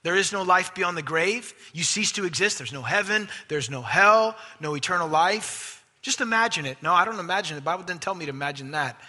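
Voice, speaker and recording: A man preaching a sermon as pastor, emphatic, swinging from loud stresses to hushed asides. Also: high-pitched, a little fast, few pauses. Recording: long hall reverb.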